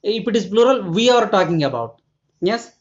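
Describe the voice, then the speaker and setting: A male teacher with a slightly raised voice gives a recorded grammar lesson. He explains patiently, circles back over each point and pauses often. The recording sounds dull and lo-fi. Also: high-pitched, very animated. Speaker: school English teacher.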